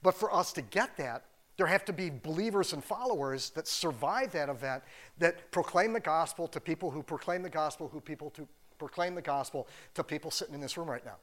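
Animated, casual man preaching a sermon. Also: on the high side, a little fast. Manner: casual, animated, many "like" fillers. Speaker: pastor.

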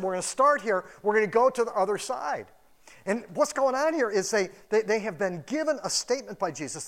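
A pastor giving a casual, animated sermon in a church, acting out quoted voices as he goes. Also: high voice. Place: church building.

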